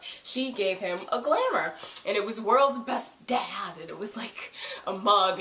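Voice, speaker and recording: A woman gives a casual recap of a TV episode, her voice sitting at a middling pitch. She is chatty and animated and bursts into high, loud voices when she acts out lines. The recording has a roomy echo. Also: measured pace. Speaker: TV episode reviewer.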